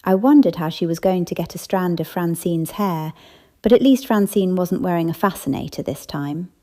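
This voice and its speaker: A woman narrating a cozy mystery audiobook with an even, measured reading. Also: lowish voice. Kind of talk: scripted narration.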